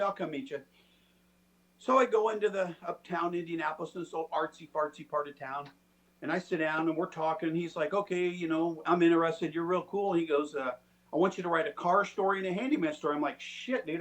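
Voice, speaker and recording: A middle-aged man telling stories in a casual, animated way and acting out the people he quotes. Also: on the high side. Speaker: storytelling guest. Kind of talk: casual storytelling.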